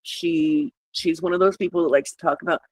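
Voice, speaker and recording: A woman's voice: low voice, steady tone, a little fast, darkish tone, slight background noise, low-quality recording. A woman streaming live, chatting casually with viewers, greeting them by name, joking sarcastically and laughing at her own jokes. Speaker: livestreamer. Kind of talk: casual livestream chat.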